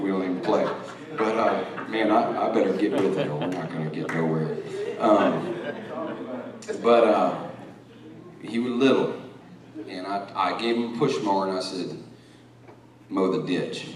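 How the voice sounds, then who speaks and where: A middle-aged man preaching a sermon, rambling through stories and then rising into forceful preaching. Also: on the low side. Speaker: pastor. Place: church sanctuary. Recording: echoey church hall from far off.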